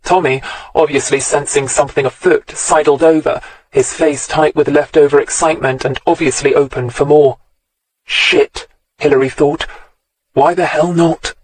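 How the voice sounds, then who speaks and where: A man reading a crime novel aloud in a steady, measured voice, pitched a little higher than most men. The recording is close and dry, with no room sound around him. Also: no echo, low-quality recording. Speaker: audiobook narrator. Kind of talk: scripted crime novel narration.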